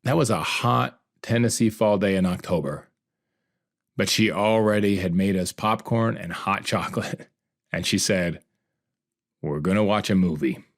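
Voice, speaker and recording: A man's voice: fairly low pitch, measured pace, creaky, dry recording, studio quality. A man hosting a podcast, narrating a personal story in an earnest, reflective and heartfelt way. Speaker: podcast host.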